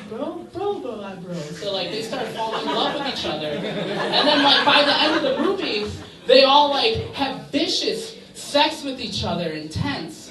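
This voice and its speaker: A young man doing a stand-up set in a bar, rambling with lots of filler words. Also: sits high. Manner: rambling, filler-heavy delivery. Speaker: stand-up comedian. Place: bar comedy stage. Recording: echoey bar, distant mic, crowd.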